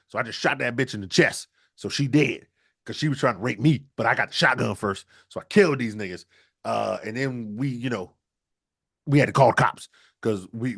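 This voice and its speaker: A man co-hosting a podcast, riffing crudely through loud, animated comedic storytelling. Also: mid-range voice, vocal fry. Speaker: podcast co-host.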